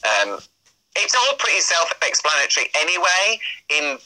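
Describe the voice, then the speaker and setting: A man's voice: on the high side, very animated, normal speed, bright, forceful tone, low-quality recording. A man chatting as an interview guest, explaining at length in an easy, talkative way. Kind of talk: casual interview chat.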